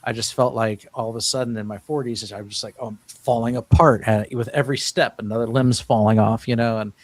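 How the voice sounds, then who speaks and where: A man's voice: on the low side, fairly even intonation, quick pace. A man in his fifties, a guest in an interview, telling his story in an earnest, rambling way with many restarts. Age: 50s. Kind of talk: casual interview talk.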